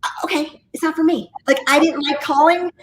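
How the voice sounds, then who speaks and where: Telling her story with high energy and enthusiasm, a real estate agent being interviewed keeps things casual. Her voice is high-pitched, a little fast, with fairly even intonation, and it bounces around a roomy, echoing room.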